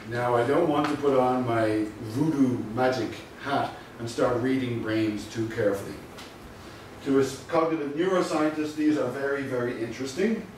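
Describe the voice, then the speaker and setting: A male lecturer giving a university lecture, measured and explanatory, stressing his key points. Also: mid-range voice. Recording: very echoey room from a distant mic with faint noise.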